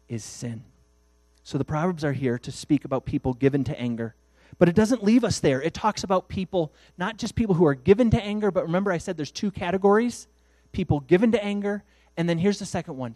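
Male pastor, animated sermon delivery, fairly high voice. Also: no room sound. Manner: animated, acts out dialogues.

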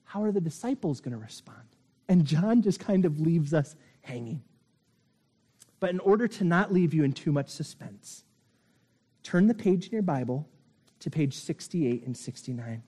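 A man preaching a sermon with a mellow, dark-toned voice pitched a little high. He moves between excited bursts and low, hushed intensity to drive his points home. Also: moderate pace, slightly rough. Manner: dramatic, swings from loud excitement to hushed intensity. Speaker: pastor.

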